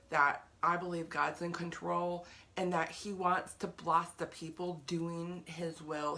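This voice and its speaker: A woman's voice: on the low side, fairly bright tone. A woman giving an earnest, chatty talk on faith to her viewers, often repeating herself for emphasis. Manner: greets live viewers by name. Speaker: faith vlogger.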